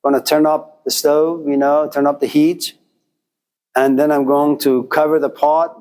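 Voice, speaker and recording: A man's voice: a little high, level tone, measured pace, darkish tone, lightly acted. A man voicing a blunt male cook who speaks frankly in a parable. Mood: matter-of-fact.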